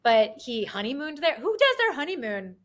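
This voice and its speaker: A woman's voice: high-pitched, very animated, normal speed. A woman co-hosting a podcast, chatting casually about politics with a sarcastic, rambling manner. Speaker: podcast co-host.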